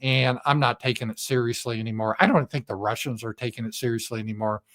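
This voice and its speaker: A man's voice: medium pitch, fairly even intonation, quick pace, fairly bright tone. A man giving a casual political commentary monologue in a blunt, profane, sarcastic manner.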